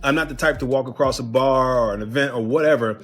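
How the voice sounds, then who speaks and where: A man from Cincinnati, Ohio, telling a comedic bar story in an animated way and acting out the voices of others. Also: mid-range voice, quick pace, soft background music.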